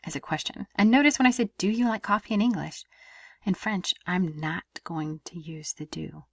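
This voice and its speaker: A woman French teacher talks through a casual lesson with a lively, swooping voice. She often drops into a breathy near-whisper. The sound is close and dry, with no room echo. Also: on the low side, normal speed. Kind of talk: casual recorded language lesson.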